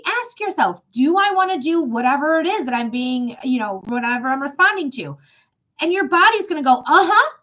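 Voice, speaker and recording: A woman hosting a live psychic reading stream, giving chatty, emphatic advice with quick asides. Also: sits high, a bit bright. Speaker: psychic reader and livestream host.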